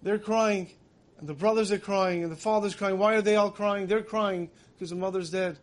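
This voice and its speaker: A man's voice: high voice, steady tone, normal speed. A man giving a sermon, telling stories in an earnest way that builds emotion. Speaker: religious teacher.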